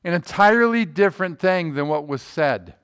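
A man delivers a conversational sermon in a slightly higher-than-usual voice. He keeps checking in with the room through rhetorical questions. His delivery swings between loud, emphatic lines and quiet, low asides. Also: animated, normal speed, clean tone. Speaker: pastor.

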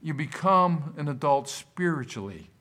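A man preaches with a bright, ringing tone that sits a little high. He reads scripture with emphasis and throws questions out to his congregation, his voice swinging up and down as he goes. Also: lively intonation, measured pace. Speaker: pastor. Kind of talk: sermon. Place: church service.

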